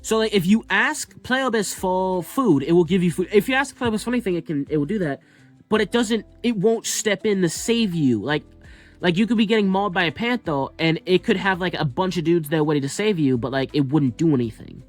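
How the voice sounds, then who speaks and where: A man's voice: high-pitched, lively intonation, fairly quick, faint music behind. A man musing aloud in a casual, speculative monologue, rambling with lots of fillers and restarts. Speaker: commentator.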